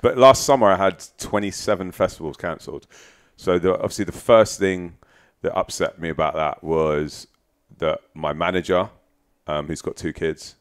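Deep-voiced man chatting as a podcast guest. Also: normal speed, few pauses, clear, resonant tone. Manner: chatty, tells long anecdotes. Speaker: guest musician. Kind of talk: casual podcast chat. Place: front room of a house.

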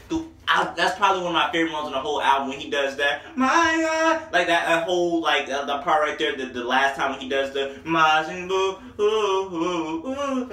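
A young man giving an excitable, emotional album review vlog, breaking into sung snippets. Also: a little high, slight background noise. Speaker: music reviewer. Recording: echoey room, distant from the mic.

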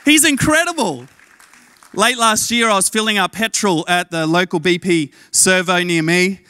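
Aussie guy preaching a sermon, high bright voice, tells stories and drops his voice low for quotes. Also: moderate pace, clean tone. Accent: Australian. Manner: animated, acts out quoted lines in lowered voice. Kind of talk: energetic sermon with storytelling. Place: church stage.

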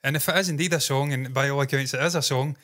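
A man's voice: mid-range voice, steady tone, quick pace, fairly bright tone. Uk guy co-hosting a reaction vid, swears a lot, goes off on sarcastic rants. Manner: sweary, ranting, sarcastic asides. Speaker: co-host of a reaction channel. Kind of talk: casual reaction chat.

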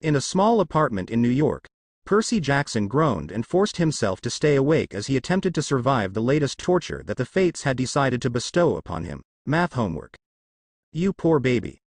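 Guy reading fanfic out loud, animated voice, super dry close mic. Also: mid-range voice, fairly quick, no room sound. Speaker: narrator. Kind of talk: reading fan fiction aloud.

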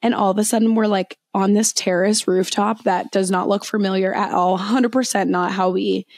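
A woman's voice: mid-range voice, steady tone, moderate pace, a little mellow, no echo, studio quality. A young woman co-hosting a podcast, telling a story in casual chat and often correcting herself mid-sentence. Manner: chatty storyteller, many self-corrections and restarts. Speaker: podcast co-host.

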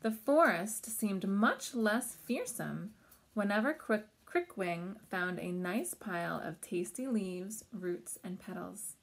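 A woman reading a children's picture book aloud at home, gently pausing to talk about the pictures and ask questions. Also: medium pitch, lively intonation, vocal fry. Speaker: storybook reader for children.

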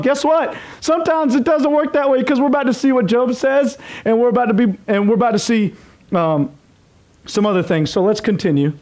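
Pastor guy giving a sermon, voice a bit on the high side, reads verses then jokes around. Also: fairly quick, a little mellow. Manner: reads scripture aloud with casual, joking asides.

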